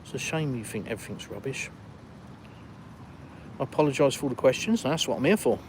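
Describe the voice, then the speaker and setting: A retired Englishman hosting a live stream outdoors, reading out viewer comments and answering them in relaxed, chatty talk. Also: mid-range voice, a little fast, a little hiss or hum. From England. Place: outdoors in a village, walking.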